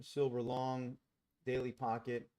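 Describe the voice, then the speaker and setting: A man hosting a live trading stream from home, talking casually at a middling pitch. He chats loosely and answers viewers from the chat by name. It is recorded on a plain desk mic. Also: completely flat delivery, unhurried, mellow. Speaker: day trading livestream host. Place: home in Costa Rica. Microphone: desk mic without boom arm.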